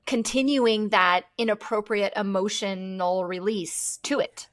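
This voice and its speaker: A woman hosting a podcast interview, asking long questions and thinking aloud in an animated way. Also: medium pitch, measured pace. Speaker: podcast host. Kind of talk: conversational interview.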